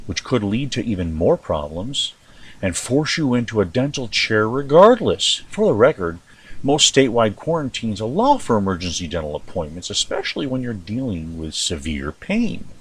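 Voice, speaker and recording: A man's voice: lowish voice, slightly rough. A man hosting a show, rambling through news commentary and asking rhetorical questions. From United States. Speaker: host.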